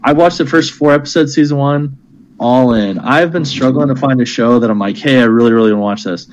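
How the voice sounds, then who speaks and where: A man chats loosely with friends on a podcast, wandering from one show to the next and cursing along the way. His voice has a middling pitch, and the recording sounds a little muffled and lo-fi. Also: brisk. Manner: rambling, laughs a lot, swears casually. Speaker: podcast co-host. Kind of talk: casual chat among friends.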